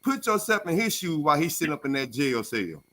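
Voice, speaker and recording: Man with a raised, bright, forceful voice, speaking as a panelist on a call-in radio show. He argues his view with emphatic, animated storytelling. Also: on the high side, fairly quick. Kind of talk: opinionated radio talk.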